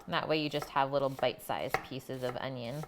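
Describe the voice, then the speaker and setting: A woman's voice: a bass voice, steady tone, fairly quick, background noise. A woman hosting a live cooking stream, chatting casually with her viewers as she cooks in a home kitchen. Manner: chatty, talks to chat while cooking. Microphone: streaming mic.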